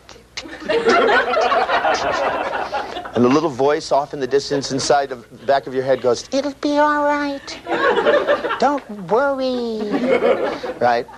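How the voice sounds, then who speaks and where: A man giving a live seminar lecture, animated and profane, acting out voices and sound effects as he teaches. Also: mid-range voice. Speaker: seminar trainer. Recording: noisy live seminar recording.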